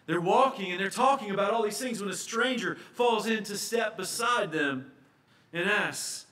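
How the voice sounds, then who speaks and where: Higher-pitched man preaching a sermon. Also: animated, normal speed. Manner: storytelling, swings between soft and emphatic.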